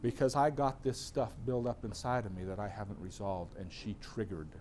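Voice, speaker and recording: A middle-aged seminar speaker gives a personal-growth lecture to an audience, animatedly telling stories and performing other people's voices. He speaks at a normal pace with a lowish voice, and there is a little hiss or hum.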